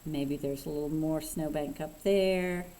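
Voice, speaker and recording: A woman talking through a painting tutorial step by step, relaxed and unhurried, thinking aloud with fillers as she paints. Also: low voice, rough recording. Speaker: craft instructor.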